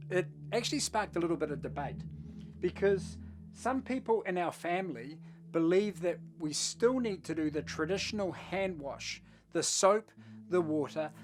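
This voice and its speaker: A pastor giving a short devotional message in a conversational, storytelling manner. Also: mid-range voice.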